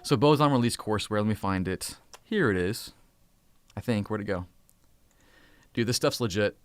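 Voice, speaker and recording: A man in his thirties hosting a casual live stream, talking in an upbeat, hurried way and now and then hushing his children. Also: on the low side, expressive, dry recording. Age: 30s. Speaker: host.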